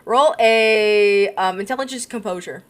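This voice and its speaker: A woman running a tabletop role-playing game, narrating scenes in a giggly, halting way with many fillers. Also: medium pitch. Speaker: game master.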